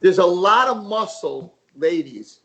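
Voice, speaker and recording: A man, a rabbi, telling a parable as a guest on a talk show, lively and repetitive. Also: high voice, unhurried, highs cut off. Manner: animated storyteller, repeats phrases.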